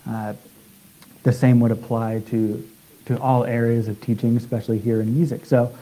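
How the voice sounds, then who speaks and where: A man preaching a sermon in a halting way, with many restarts and filler sounds. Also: mid-range voice, flat delivery, warm tone, poor audio.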